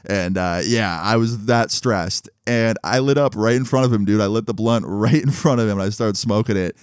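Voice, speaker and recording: A man's voice: on the low side, normal speed, clean tone, no room sound, clean studio sound. A young man casually telling a story in a laid-back, slangy way, chuckling now and then.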